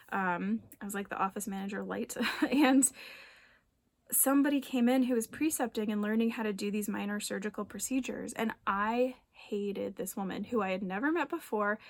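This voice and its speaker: A woman in her thirties, a naturopathic doctor, talking gently and conversationally to her viewers, with many ums and soft laughs. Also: on the high side, no room sound. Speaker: naturopathic doctor and wellness coach. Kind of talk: casual reflective talk to camera.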